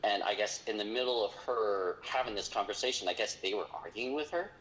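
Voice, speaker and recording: A man's voice: on the low side, fairly quick, fairly bright tone, slight background noise, poor audio. A man, a podcast guest, earnestly telling a personal story in casual chat. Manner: earnest, retelling a story with quoted dialogue.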